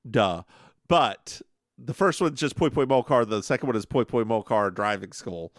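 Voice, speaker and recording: A man's voice: medium pitch, moderate pace, no room sound. A man co-hosting a podcast, casually and playfully recapping a TV episode on a close studio mic. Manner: playful, jokey, mimics characters. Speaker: podcast co-host.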